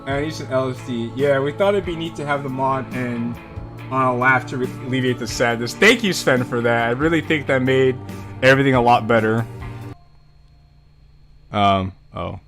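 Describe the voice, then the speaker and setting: This man streams a game at a normal speed in a mid-range, slightly bright voice. Faint music sits behind his casual, profanity-laced let's-play commentary as he reads comments aloud and laughs a lot.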